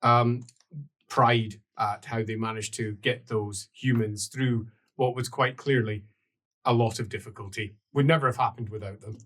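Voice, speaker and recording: A man narrating as game master of a tabletop game, mostly quiet with sudden loud bursts for characters. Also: lowish voice, steady tone, normal speed.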